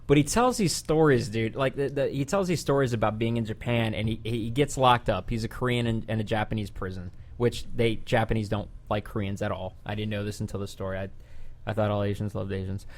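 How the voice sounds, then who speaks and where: A man's voice: fairly low pitch, a little fast, hardly any pauses. Profane storytelling podcast host, man. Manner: animated, profane retelling with voiced quotes.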